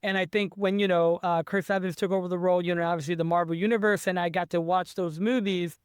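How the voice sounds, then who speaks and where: A man's voice: high voice, fairly even intonation, quick pace, clear, resonant tone, no room sound, studio quality. A man, an author being interviewed, talking in an eager, rambling way with many restarts. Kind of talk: casual interview chat.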